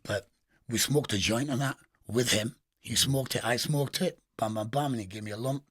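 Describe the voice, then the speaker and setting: A middle-aged Geordie man from England, a guest in a casual interview, tells crude stories full of street slang, swearing and laughing often. His husky voice is medium-pitched and a bit bright, moving at a moderate pace, captured dry at studio quality.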